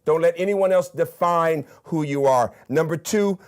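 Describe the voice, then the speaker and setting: An older Southern man delivers a commencement address with eager emphasis. His voice sits a little high for a man, and he ticks off his points one by one. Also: moderate pace. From Birmingham, Alabama. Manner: emphatic, enthusiastic, counts off points. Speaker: commencement speaker, university president.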